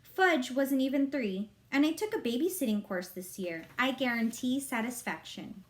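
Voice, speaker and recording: A woman's voice: high-pitched, animated, normal speed. Woman as know-it-all girl, pushy and smug, read-aloud. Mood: persuasive. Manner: persuasive, smug.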